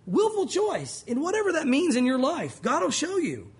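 Guy pastor preaching, pretty high voice, lively ups and downs. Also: normal speed. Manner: animated preaching, voice rising and falling. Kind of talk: sermon.

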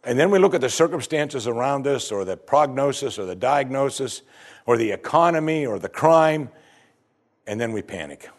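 A man's voice: medium pitch, lively intonation, moderate pace. A man preaching a sermon, reading scripture aloud with dramatic emphasis. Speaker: pastor.

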